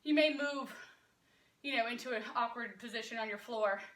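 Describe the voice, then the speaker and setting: A woman's voice: a little high, normal speed, fairly bright tone, roomy sound, recorded from a distance. A woman in her thirties coaching a home workout, upbeat and encouraging, out of breath. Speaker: fitness instructor. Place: room at home.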